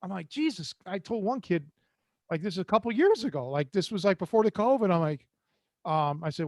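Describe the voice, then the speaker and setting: A man's voice: high-pitched, very animated, fairly quick, no room sound, clean studio sound. An older man from Cleveland, hosting and telling rambling, streetwise stories in a casual way. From Cleveland, Ohio. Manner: rambling, streetwise, quotes others in voices. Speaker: host. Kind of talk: casual storytelling.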